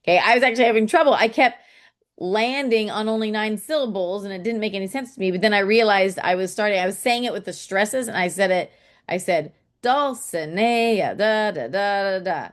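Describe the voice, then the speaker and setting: A woman's voice: medium pitch, fast talker. A woman teaching a casual online poetry lesson, chatty and thinking aloud, saying "okay" often and tapping out syllables and stresses.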